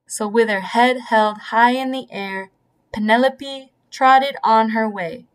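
A woman reading a bedtime story aloud in a gentle, storytelling manner. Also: a little high, takes it slowly, clear, resonant tone. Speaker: storybook reader.

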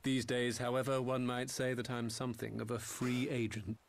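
A man's voice: mid-range voice, flat delivery, normal speed, vocal fry, a little hiss or hum, close to an everyday voice. An actor voicing an arrogant male former imperial officer in a video game, haughty and sardonic in formal speech. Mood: smug. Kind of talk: game cutscene voice acting.

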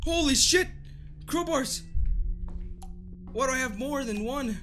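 A man's voice: extremely high pitch, animated, slow, long pauses, sharp tone, faint music behind. A man giving panicky horror game commentary, screaming, cursing and taunting the monster as he plays. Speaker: gaming channel host.

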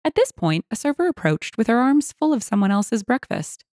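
Lively woman narrating a story. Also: fairly high pitch, moderate pace, no echo, clean studio sound. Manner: expressive storytelling. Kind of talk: scripted narration.

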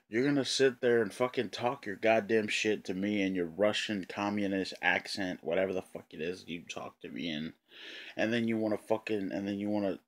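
A man with a somewhat low voice delivers an angry vlog rant to his channel's viewers. He swears constantly, circles back to the same points, and often pauses to clear his throat. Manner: profane, repetitive, frequent throat-clearing. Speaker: channel owner.

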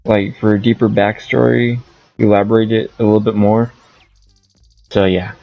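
Gravelly low-voiced man rambling through gameplay. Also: little pitch movement, moderate pace, lo-fi sound, faint music behind. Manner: rambling, thinking aloud. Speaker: gaming streamer. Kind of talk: casual gameplay commentary.

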